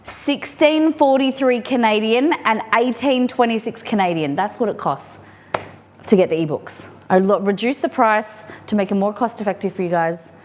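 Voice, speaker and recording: A woman's voice: medium pitch, normal speed, a little hiss or hum. Chatty Australian woman cooking live. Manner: chatty, reads viewer comments aloud, talks to her dog. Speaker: cooking stream host. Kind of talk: casual live cooking chat. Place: home kitchen.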